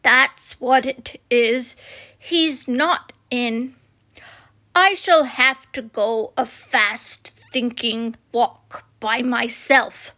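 A woman voicing a slow, gentle and simple-minded male teddy bear from a storybook, musing mildly as he talks. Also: a little high, heavily acted. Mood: glum.

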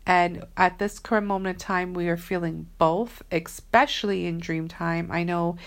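A woman with a lowish voice talks straight to her online followers as a spiritual reader. She is earnest and chatty, drops slang and fillers, and keeps an easy, flowing vlog manner. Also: steady tone, moderate pace. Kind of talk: casual spiritual vlog talk.

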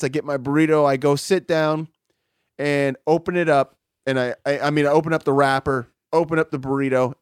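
A man's voice: a little high, clean tone, dry recording, clean studio sound. A man telling a story in casual chat, swearing often and rambling through fillers. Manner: rambling, profane, many fillers.

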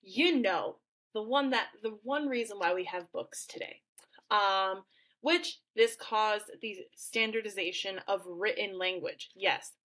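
A woman's voice: mid-range voice, sharp tone. Woman, podcast host, former teacher, casual chat, playful, laughing, many fillers.

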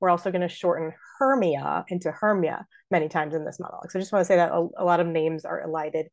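A woman's voice: on the low side, little pitch movement, rapid-fire, darkish tone. A middle-aged woman hosting a podcast, chattily explaining how to speak verse, with lots of fillers. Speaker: podcast host and theater artistic director.

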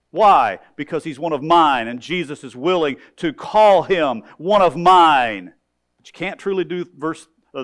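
A man preaching a sermon as pastor, animated, acting out voices and swinging between loud calls and hushed lines. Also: mid-range voice.

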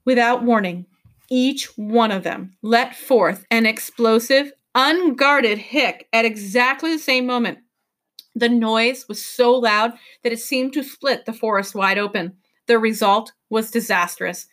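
A woman teacher reading a novel aloud to her class with expressive storytelling delivery. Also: on the high side, a little slow.

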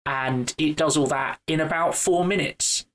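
A man's voice: a little high, fairly even intonation, measured pace, a bit bright, low-quality recording. A man co-hosting a casual film discussion, thinking aloud with frequent restarts and repeated words. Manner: hesitant, many restarts.

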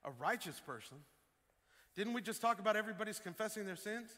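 High, bright-voiced preaching pastor. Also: male voice, fast talker. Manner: animated, rising to loud emphatic peaks. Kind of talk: sermon. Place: church sanctuary. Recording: long hall reverb with faint music.

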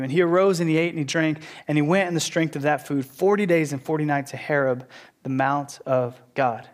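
Animated male Bible teacher. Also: on the high side, a little fast. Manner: animated, conversational storytelling. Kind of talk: sermon.

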